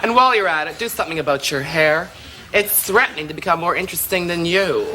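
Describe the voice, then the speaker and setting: A man's voice: a little high, heavy background noise, close to an everyday voice. A man playing a catty flamboyant socialite. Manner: theatrical, catty, drawn-out sarcastic delivery. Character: flamboyant gay male socialite, catty and vain. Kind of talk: sketch comedy monologue. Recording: music bed under the voice.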